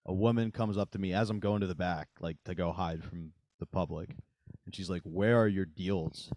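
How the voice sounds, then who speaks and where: A man's voice: deep voice, flat delivery, a little fast, mellow, dry recording. A man co-hosting a comedy chat, sarcastic and dry, laughing often as he tells a retail story. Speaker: podcast co-host.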